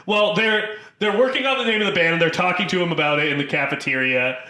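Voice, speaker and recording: A man co-hosting a film podcast, retelling movie scenes in casual, animated chat with frequent laughs. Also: fairly high pitch, quick pace, roomy sound. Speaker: podcast co-host.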